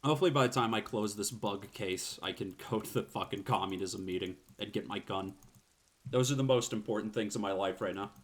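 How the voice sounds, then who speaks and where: A man's voice: fairly low pitch, brisk. A man streaming a video game, joking and swearing as he reads lines and comments.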